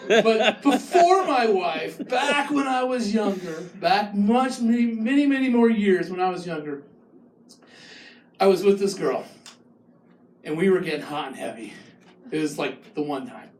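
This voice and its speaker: A man's voice: sits high, measured pace, slight background noise. Man doing stand-up in an echoey club. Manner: animated storytelling with groans and voices. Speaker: stand-up comedian. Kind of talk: stand-up comedy set. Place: comedy club stage. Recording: echoey room, voice from far off.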